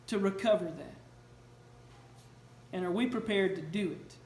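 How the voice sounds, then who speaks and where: Measured and a touch mellow, this preacher's high-pitched voice fills an echoey sanctuary where faint noise lingers. He delivers his sermon earnestly, weaving in stories and questions.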